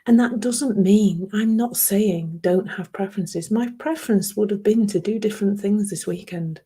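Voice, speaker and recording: A woman hosting a reflective solo podcast in a soft, emotional way, often laughing and dropping into whispers. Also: mid-range voice, normal speed, breathy edge. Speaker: podcast host.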